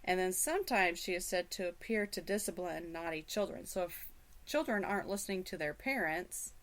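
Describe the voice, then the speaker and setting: A woman's voice: lowish voice, animated, fairly quick. Chatty middle-aged woman hosting radio. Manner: rambling, many fillers and restarts. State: hiccups. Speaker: radio show host. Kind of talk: casual chat.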